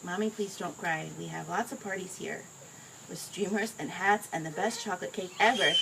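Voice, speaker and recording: A woman reading a picture book aloud to her child in a gentle, expressive way. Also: on the low side, normal speed. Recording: home recording with clear background noise.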